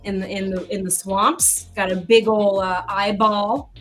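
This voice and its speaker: A woman playing in a tabletop game, upbeat and quick to joke. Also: mid-range voice, little pitch movement, a bit bright, faint music behind. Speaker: player.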